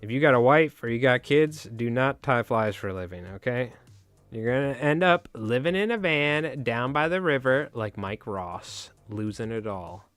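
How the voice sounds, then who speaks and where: A man's voice: medium pitch, animated, moderate pace, a bit bright, dry recording, faint music behind. Rambling, jokey male stream host. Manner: rambling, jokey, swears casually. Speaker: fly-tying livestream host. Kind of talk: casual livestream chat.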